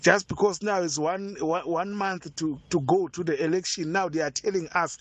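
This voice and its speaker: A man's voice: fairly high pitch, fairly even intonation, normal speed, a bit bright. A man leaving a voice note for a radio show, indignant and firing rhetorical questions. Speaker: listener sending a voice note.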